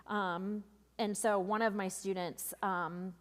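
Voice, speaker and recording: A woman's voice: mid-range voice, little pitch movement, slow pace. A woman youth leader giving a workshop talk, chatty and full of ums and asides as she tells stories. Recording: long reverb of a large room.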